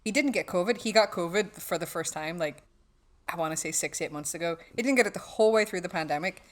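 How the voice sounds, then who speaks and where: A woman with a Northern Irish accent, telling swearing, lively stories in a casual podcast chat. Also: fairly low pitch, fast talker. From West Belfast, Northern Ireland. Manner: swearing storyteller, acts out quotes. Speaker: guest.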